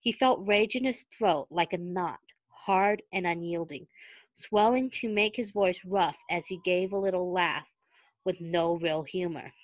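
A woman's voice: fairly low pitch, unhurried. A woman with a Southern US accent reads a fan story aloud in a casual, giggly way, often tripping over a word and rereading it. She is close to the mic, and the sound is dry with no room echo. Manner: giggly, stumbles and rereads words. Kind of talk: reading fan fiction aloud with chatty asides.

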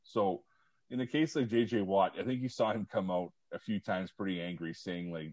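A man's voice: deep voice, moderate pace, a little mellow, no echo. A man hosting a casual podcast, chatting about movies and sports and rambling with many fillers. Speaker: podcast host.

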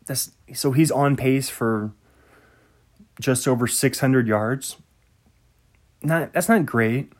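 Man, casual solo podcast host, slow unhurried talk, rambling, sidetracked, laughs at himself. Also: medium pitch.

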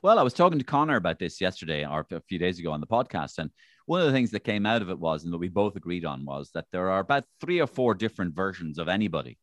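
A man's voice: low-pitched, fast, dry recording, clean studio sound. A man who works as an impressionist, talking in an interview and acting out voices as he tells stories. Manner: lively storyteller who acts out voices. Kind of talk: conversational interview.

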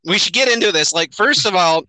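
A man's voice: sits high, lively intonation, a little fast, sharp tone, no room sound. A man hosting a casual movie review chat, swearing and laughing as he mocks a film's poor acting and sets. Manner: swearing, laughing, exasperated mockery. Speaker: podcast host.

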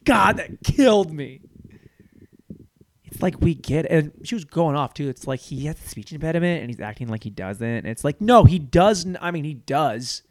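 Recorded on a studio mic on a stand with a faint hiss or hum, this man's voice sits on the high side and moves at a moderate, expressive pace. He hosts a podcast, rambling through a crude comedic monologue where his words pile into each other, and he cracks himself up along the way.

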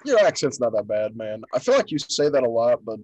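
A man's voice: medium pitch, very animated, fairly quick, darkish tone, rough recording. Comedian guest, easygoing man, mid-range voice, throws in dude and man. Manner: laid-back, says dude and man a lot. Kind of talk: casual chat.

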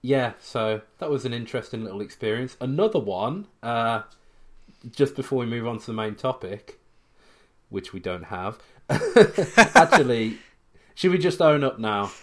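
A man co-hosts a podcast, telling stories in a casual, rambling way full of fillers and restarts. His mid-range voice is expressive and a little bright, and he talks at a normal speed.

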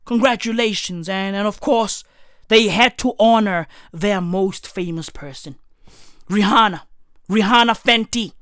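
A young adult woman from South Africa with a South African accent, delivering a loud, profane comedic rant, often shouting. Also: medium pitch, a little slow, no room sound, studio quality.

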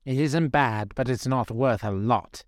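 A man's voice: medium pitch, unhurried, dry recording, clean studio sound, close to an everyday voice. A man voicing a cruel old female sea witch, scornful and menacing in her speech. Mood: demanding.

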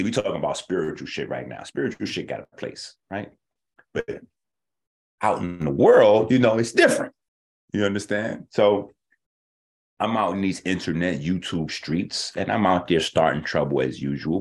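A man hosting an online talk show, delivering a casual, profane monologue and acting out the people he argues with. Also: sits low.

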